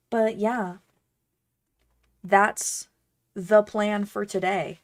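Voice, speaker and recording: A woman's voice: lowish voice, steady tone, takes it slowly, creaky, long pauses. A woman cosplayer chatting casually while she crafts, bubbly, rambling and self-deprecating. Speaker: cosplayer and streamer.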